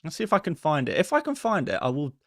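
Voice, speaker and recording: Man, live-stream host, casual chat, fairly high voice, animated, self-deprecating, dry close sound. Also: quick pace, no echo. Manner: chatty, self-deprecating, laughs often. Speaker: fantasy football streamer.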